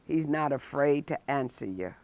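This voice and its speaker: A woman's voice: rumbling low, expressive, a little mellow. A woman pastor teaching a midweek Bible study sermon. She preaches emphatically, stretches out key phrases and reads scripture with dramatic force. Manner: drawn-out, deliberate stresses on key phrases.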